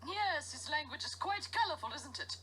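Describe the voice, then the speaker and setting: A woman's voice: high voice, animated, normal speed, pushed and bright, a little hiss or hum. An actress playing a refined, teasing older English lady in a mystery game. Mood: amused. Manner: refined, teasing, theatrical laughter. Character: genteel older English lady, fond of rhymes.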